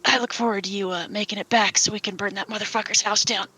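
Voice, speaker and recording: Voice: mid-range voice, steady tone, fast, sharp tone, breathy edge, voice pushed up. A game master voicing a fierce woman ally who speaks bluntly and profanely about revenge, in a tabletop game. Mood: vengeful.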